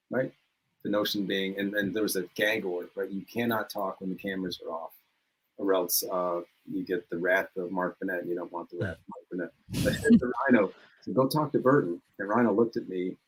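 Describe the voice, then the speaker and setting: Low, husky man telling stories. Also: low-quality recording. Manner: animated anecdotes, laughs often. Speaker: podcast guest, former reality show contestant. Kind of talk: casual storytelling chat.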